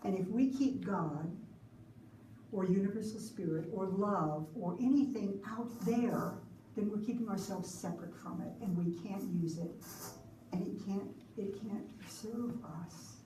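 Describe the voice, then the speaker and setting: Slow, mellow woman minister preaching. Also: mid-range voice, recorded from a distance, a little hiss or hum. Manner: slow, rhythmic, leads call-and-response. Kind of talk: sermon with guided prayer. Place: church sanctuary. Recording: roomy sanctuary recording from afar.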